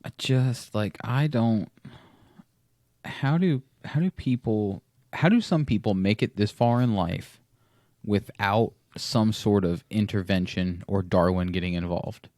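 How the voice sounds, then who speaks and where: A man co-hosting a podcast in casual chat, rambling and laughing often, with quick restarts. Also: fairly low pitch, darkish tone, no echo, studio quality. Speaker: podcast co-host.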